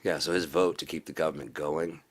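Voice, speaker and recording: A man giving a profane political rant in a video blog, repeating himself and rising into preachy shouting. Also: rumbling low, steady tone, brisk, husky. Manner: swearing, repetitive, builds to preachy shouting. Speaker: video blogger.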